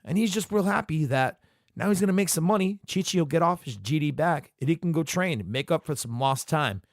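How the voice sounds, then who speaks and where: A man's voice: on the high side, animated, brisk, dry recording, studio quality. A man hosting a podcast alone, talking casually through an episode recap, cursing often and joking as he rambles. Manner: profane, jokey, rambling commentary. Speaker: podcast host.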